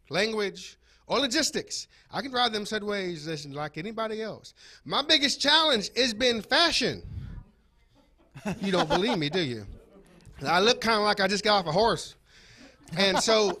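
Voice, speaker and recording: Bright-voiced Texan stand-up comic. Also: male voice, high voice. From Texas. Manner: folksy storytelling, self-mocking punchlines. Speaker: stand-up comedian. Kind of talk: stand-up comedy set.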